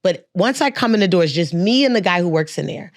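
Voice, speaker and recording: A woman's voice: fairly low pitch, lively intonation, quick pace, no room sound, clean studio sound. A woman guest on a podcast, telling a personal story in a reflective, frank way. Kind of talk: casual chat.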